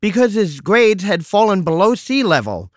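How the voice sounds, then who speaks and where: A man's voice: high voice, sing-song, normal speed, dry recording, studio quality, voice pushed up. A man voicing a chirpy phone voice assistant that reads the time and tells corny jokes in a cheery sing-song.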